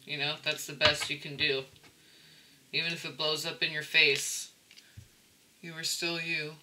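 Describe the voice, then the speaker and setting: A man's voice: fairly high pitch, flat delivery, unhurried, sharp tone, rough recording. A man giving a casual tarot reading, rambling and often checking in with the listener. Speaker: tarot reader.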